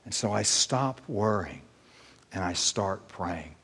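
A man preaching a sermon as pastor, emphatic and animated, repeating key phrases. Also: sits low, slow pace, breathy edge, big-room sound.

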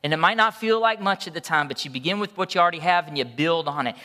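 A man's voice: on the high side, fast talker, bright, forceful tone, in a large hall. A man preaching a sermon as pastor, impassioned, often restarting his words.

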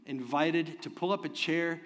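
Fervent preacher in a big echoing hall. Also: male voice, a little high, a little slow. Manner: swings from soft and tender to loud and fervent, with laughs. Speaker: pastor. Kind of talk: sermon. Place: church sanctuary. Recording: long reverb of a large hall.

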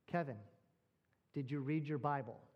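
A stern, devout mother, put on by a male preacher, speaking in a low, quieter, firm voice. The words come slow and measured. The sound is dull and lo-fi. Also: natural voice. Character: stern, devout mother of a struggling young man.

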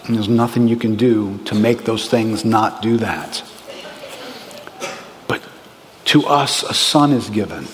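A man preaching a sermon in a lively, conversational way, with bursts of excitement. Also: fairly low pitch, slow pace, pauses often, slight background noise. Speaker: pastor. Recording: reverberant hall with faint ambience.

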